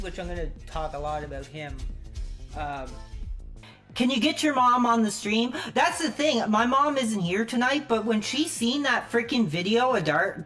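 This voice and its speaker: A man ranting angrily on a livestream, profane and shouting at times. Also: high-pitched. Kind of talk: angry livestream rant.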